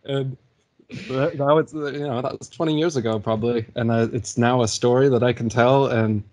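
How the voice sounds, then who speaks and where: A man in his forties recounting a personal anecdote in casual conversation, animated and laughing often. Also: mid-range voice, brisk. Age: 40s.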